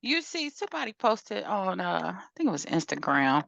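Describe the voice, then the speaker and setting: A woman's voice: medium pitch, sing-song, normal speed, vocal fry, fairly bright tone, no room sound, lo-fi sound. A woman co-hosting a podcast, chatting casually in a laid-back, slangy storytelling way. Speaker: podcast co-host. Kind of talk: casual chat.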